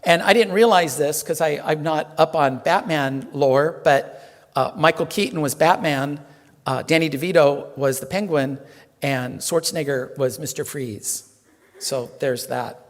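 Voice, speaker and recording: This casual sermon comes from a reverend whose voice sits a bit high for a man. He keeps things loose and chatty, cracking jokes with his flock and pausing on many fillers, while the temple hall's long reverb echoes through.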